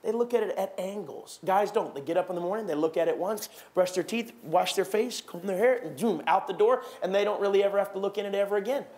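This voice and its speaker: A man preaching a sermon in a church, animated, acting out gossiping churchgoers with raised voices. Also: high-pitched, fast, few pauses. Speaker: pastor. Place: church sanctuary.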